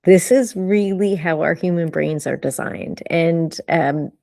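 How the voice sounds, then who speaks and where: A woman leads a live coaching session on vocal delivery, emphatic and animated, firing off rhetorical questions. She speaks at an unhurried, deliberate pace, pausing to let points land. The sound is dry and close. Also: fairly low pitch, creaky, no echo.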